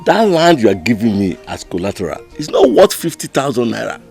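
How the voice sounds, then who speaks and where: Playing a cold, greedy village cabinet member, a Nigerian-accented man mocks a friend's plea in dismissive Nollywood film acting. His mid-range voice is very animated, fairly quick, darkish in tone, and touched with vocal fry. Faint music plays behind him.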